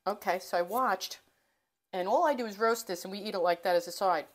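A middle-aged woman hosts a cooking channel from her home kitchen, speaking fairly quickly in a mid-range voice. She's chatty and rambling, often interrupting herself.

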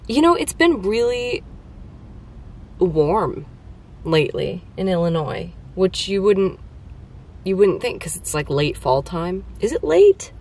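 A woman's voice: fairly low pitch, slight background noise. A woman in her twenties, talking to the camera from a parked car in a chatty, rambling vlog with self-deprecating humor. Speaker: vlogger. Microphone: camera on a dashboard tripod.

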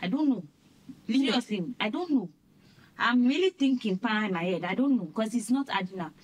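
An actress playing an exasperated young sister who stammers and repeats herself. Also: female voice, fairly high pitch, animated, brisk. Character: young woman, an indignant, flustered sister.

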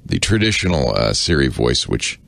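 A man's voice: rumbling low, big pitch swings, normal speed, creaky, a bit bright, no echo. A middle-aged man, co-hosting a podcast in a chatty, self-correcting way with laughing asides. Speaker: podcast co-host. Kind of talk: casual explaining chat.

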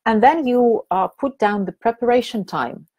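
A woman's voice: on the high side, normal speed, breathy edge, lo-fi sound. Chatty woman presenting a webinar. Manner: chatty, hesitant, many fillers and restarts. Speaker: teacher trainer presenting a webinar.

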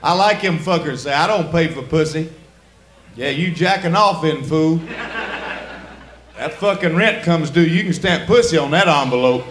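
A man's voice: a little high, normal speed, fairly bright tone, reverberant, slight background noise. Crude drawling stand-up man. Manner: crude, drawling storyteller acting out voices. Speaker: stand-up comedian. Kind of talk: stand-up comedy set. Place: comedy club stage before a laughing audience.

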